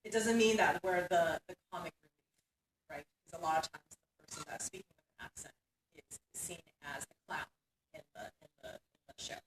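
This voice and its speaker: A woman's voice: lowish voice, moderate pace. A woman academic giving a conference keynote in a conversational way, often checking in with "right?". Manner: conversational, tags points with "right?". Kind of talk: conference lecture. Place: lecture hall. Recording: echoey hall, distant mic, faint hiss.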